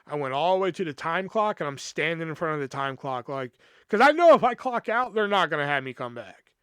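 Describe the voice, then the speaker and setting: A man's voice: fairly high pitch, very animated, a little fast, a bit bright, smooth, no room sound, studio quality. A young man hosting a podcast, telling a work story in a casual, profane way and acting out the quoted dialogue. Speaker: podcast host.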